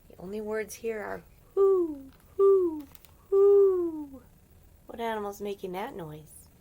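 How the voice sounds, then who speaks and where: A woman reading a picture book aloud to children, gentle and often whispering, with playful animal sounds. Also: medium pitch, very animated, normal speed, narrow, tinny audio. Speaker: storyteller for children.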